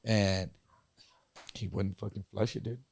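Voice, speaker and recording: A man co-hosting a podcast, telling a story in a casual, profane and animated way. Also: lowish voice, measured pace, gravelly, husky, no room sound, clean studio sound. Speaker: podcast co-host.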